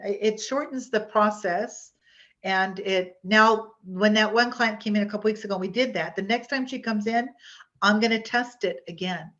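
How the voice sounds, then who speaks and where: A woman's voice: mid-range voice, lo-fi sound. A woman hypnotherapist teaching an online workshop in a chatty, rambling way, often restarting her sentences.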